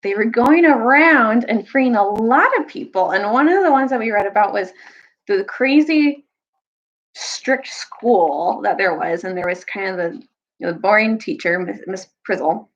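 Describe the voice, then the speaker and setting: A young woman telling a children's story, recapping and reading aloud in a casual, animated way. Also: moderate pace, highs cut off. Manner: animated, jumps high for quoted characters.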